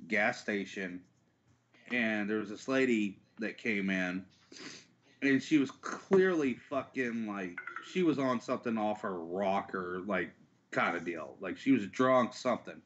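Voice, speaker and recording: A man's voice: lowish voice, a little slow, a bit bright, a little hiss or hum. A man telling a laid-back anecdote in casual podcast chat. He swears freely as he talks. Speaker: podcast guest. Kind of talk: casual storytelling. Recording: slightly dull audio.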